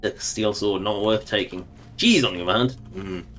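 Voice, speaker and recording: A man's voice: lowish voice, unhurried, a bit bright, faint music behind. A man streaming a video game, rambling and joking to himself in casual commentary.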